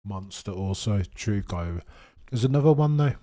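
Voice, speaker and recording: A man with a fairly low voice hosts a live watchalong, rambling from one thought to the next. He jokes and gets excitable while he talks to his chat, sometimes with food in his mouth. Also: normal speed. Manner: eating while talking. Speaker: livestream host.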